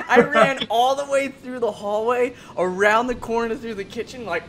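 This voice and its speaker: A man's voice: sits high, normal speed, few pauses, very noisy. A man co-hosting a podcast, telling a childhood story with many fillers over a call. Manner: animated, rambling with many fillers. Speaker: podcast co-host. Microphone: call headset or desk mic.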